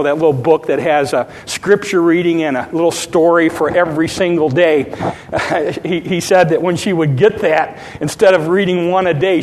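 A man preaching as a pastor, retelling a story and building to fervent preaching. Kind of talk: sermon. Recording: long hall reverb, faint rumble.

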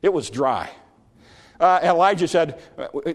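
A man preaching a sermon, retelling a story with animated energy and frequent restarts. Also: on the high side, a little slow. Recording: long hall reverb.

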